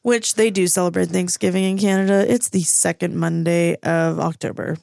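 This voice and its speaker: A woman co-hosting a podcast in casual chat, animated and acting out quotes in put-on voices. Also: fairly low pitch, normal speed, gravelly, dry recording, clean studio sound. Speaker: podcast co-host. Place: recording studio. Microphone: studio mic.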